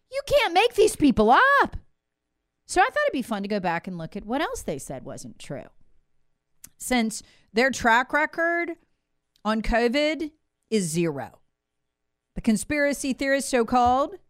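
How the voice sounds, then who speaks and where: A woman hosting opinionated political commentary, sarcastic and mocking, with sudden swings between loud jabs and low muttered asides. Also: very animated, unhurried, long pauses, no echo, studio quality. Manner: sarcastic, mocking impressions of officials.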